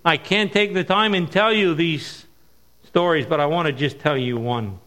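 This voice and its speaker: A middle-aged man preaching at a missions conference, telling stories and stressing key words slowly. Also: fairly high pitch, bright, forceful tone. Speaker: missionary speaker. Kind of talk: sermon with storytelling.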